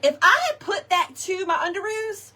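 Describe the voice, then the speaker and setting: Chatty bright-voiced woman. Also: extremely high pitch, normal speed. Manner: chatty, animated, keeps saying "okay" and "y'all". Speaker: craft shop host. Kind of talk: casual storytelling to viewers.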